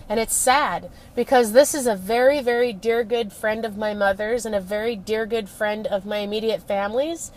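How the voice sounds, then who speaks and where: Woman in her late forties, network marketer, chatty and emphatic storyteller, fairly high voice, clear traffic noise outside. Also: rough recording. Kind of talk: casual storytelling vlog. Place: in a parked car.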